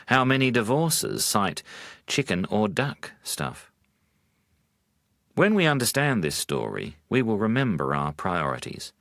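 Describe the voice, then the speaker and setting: A man, a Buddhist monk, telling humorous teaching stories in a measured way with dry wit. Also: lowish voice, creaky, fairly bright tone, no room sound. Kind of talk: storytelling talk.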